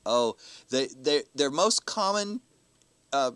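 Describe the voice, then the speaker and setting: A man's voice: medium pitch, animated, takes it slowly, a bit bright, smooth, no room sound. A man who is a professional storyteller, talking animatedly in a casual interview, laughing often and acting out the people he quotes.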